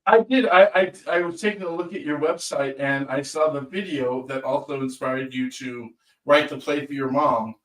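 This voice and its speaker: Co-host, man with a mid voice, halting and earnest, distant and roomy. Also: mid-range voice, fairly bright tone.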